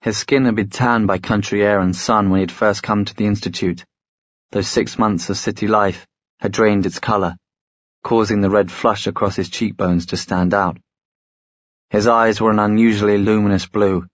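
A man narrating a story in a measured, storytelling way. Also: on the low side, fairly even intonation, no echo. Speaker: audiobook narrator. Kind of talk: scripted narration.

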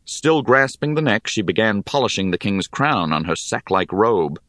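A man reading a story aloud in measured, expressive narration. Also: lowish voice, no echo, studio quality. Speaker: audiobook narrator. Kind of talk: scripted narration.

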